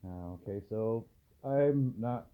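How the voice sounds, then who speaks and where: Low-voiced man soothing dogs, tinny audio. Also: slow pace. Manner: soft, soothing murmurs to the dogs. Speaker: dog trainer. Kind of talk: casual vlog, talking to his dogs. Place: indoors at a home at night. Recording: tinny phone-like audio, faint hiss.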